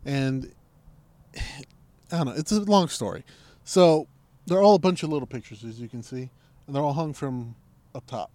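A man's voice: on the high side, expressive, moderate pace, long pauses, a little mellow, no echo. A man co-hosting a podcast, telling loose, swearing anecdotes in casual chat. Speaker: podcast co-host.

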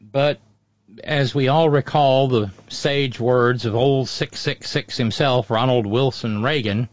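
A man's voice: mid-range voice, fairly even intonation, takes it slowly. A man hosting a political talk show, delivering sarcastic, mocking commentary. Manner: mocking, sneering, does mocking impressions. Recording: dry, dull lo-fi audio.

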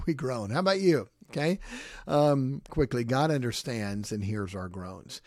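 A man hosting a podcast, giving an informal devotional talk in an animated, conversational way, often asking listeners questions. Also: mid-range voice, moderate pace, dry recording, studio quality. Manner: animated, mimics groans, chuckles often. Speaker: podcast host.

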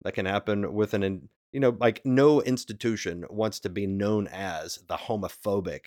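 Male podcast co-host, low-ish and dry, chatty and hedging. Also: normal speed, darkish tone, dry recording. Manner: hedging, with many fillers and restarts. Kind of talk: casual discussion.

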